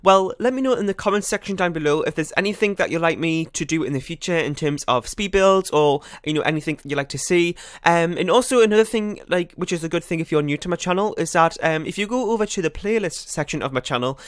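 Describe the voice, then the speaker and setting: A man's voice: a little high, lively intonation, clean tone, dry recording. A man giving casual, rambling voice-over commentary on a building game, often correcting himself. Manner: fast, rambling, self-correcting chatter. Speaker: YouTuber.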